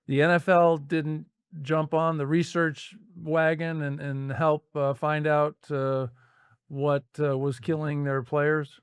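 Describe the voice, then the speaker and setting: A man co-hosting a podcast, asking questions in a halting way and repeating words as he goes. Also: on the high side, level tone, clear, resonant tone, no room sound, studio quality. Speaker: podcast co-host. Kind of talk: interview questions.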